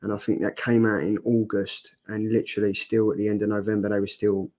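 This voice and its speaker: A man's voice: on the low side, flat delivery, fairly quick, darkish tone. A man hosting a casual comic review show, reading viewer comments and laughing easily. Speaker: host.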